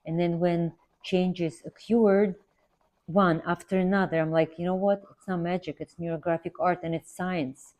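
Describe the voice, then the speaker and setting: Low-voiced woman chatting while she draws. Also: flat delivery, moderate pace, darkish tone, highs cut off. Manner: rambling, earnest, repeats herself for emphasis. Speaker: art instructor. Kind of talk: casual chatty tutorial while drawing.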